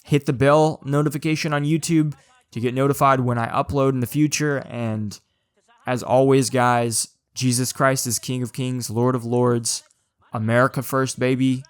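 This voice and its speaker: A man's voice: medium pitch, fairly even intonation, normal speed, smooth, dry recording. Guy ranting to camera, urgent and casual, keeps saying dude, mid voice, dry close sound. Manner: urgent, informal, drops "dude" and "man". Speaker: video channel host.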